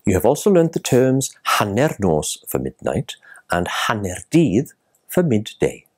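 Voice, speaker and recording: Deep, slow male language teacher. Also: big pitch swings, a little mellow, husky. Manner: careful, spells out sounds. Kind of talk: scripted lesson narration.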